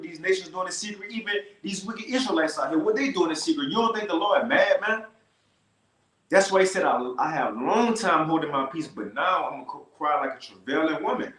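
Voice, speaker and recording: A man teaching scripture in a casual, slangy way, slowing down to read verses with emphasis. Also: high-pitched, reverberant, rough recording. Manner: slow, emphatic scripture reading.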